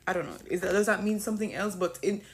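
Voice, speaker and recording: A woman chatting casually to camera, animated and thinking aloud. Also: mid-range voice, fast talker, slightly rough. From Jamaica. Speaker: vlogger. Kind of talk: casual commentary.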